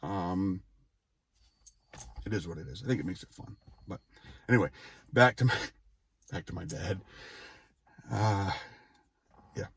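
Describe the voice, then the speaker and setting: A man's voice: deep voice, measured pace, pauses often, breathy edge. A man in his forties telling a personal story casually, rambling off on tangents and interrupting himself with wry asides. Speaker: vlogger.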